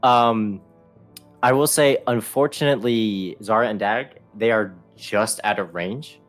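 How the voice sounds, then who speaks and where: Low-voiced man game master. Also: unhurried, soft background music. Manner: hesitant, many ums and restarts, laughs easily. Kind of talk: narrating a tabletop game.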